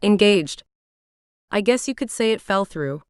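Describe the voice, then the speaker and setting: A woman voicing a friendly, easygoing young man who talks in a kind, relaxed way, in an audiobook reading. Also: mid-range voice, unhurried, clean tone, dry recording, clean studio sound, lightly acted.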